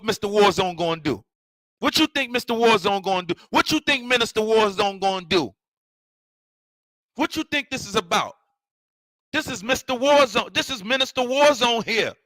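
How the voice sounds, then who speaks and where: A man's voice: high-pitched, pushed and bright, no echo, low-quality recording. A man hosting a livestream, ranting confrontationally and repeating himself. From New York City. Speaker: online show host. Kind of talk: heated livestream rant.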